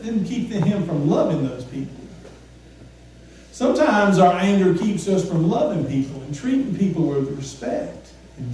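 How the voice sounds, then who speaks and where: A man delivers a relaxed, conversational sermon, turning to the congregation with questions and restarting his sentences. His voice sits high yet mellow. He is picked up from a distance in a strongly reverberant church with faint background noise. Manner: asks the congregation questions, restarts with repeated words. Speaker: preacher. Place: church sanctuary. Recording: echoey church room from far off, faint noise.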